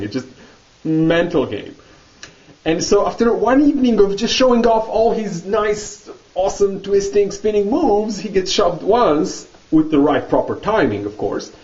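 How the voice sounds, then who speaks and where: A man vlogging, telling a story in a casual, animated monologue and laughing often. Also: sits high, recorded from a distance, highs cut off.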